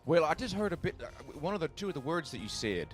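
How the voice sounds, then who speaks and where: A man's voice: on the high side, sing-song, quick pace, faint music behind. A man playing a nervous, self-deprecating frontier man who rambles and swears in a western roleplay. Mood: curious.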